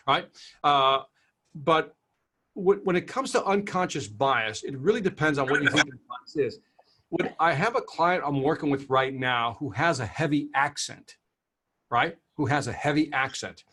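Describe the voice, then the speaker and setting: A man's voice: a little high, slight background noise. A man working as a sales trainer, answering questions in a webinar over a video call and acting out quoted people as he tells stories. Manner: animated storyteller, acts out quotes.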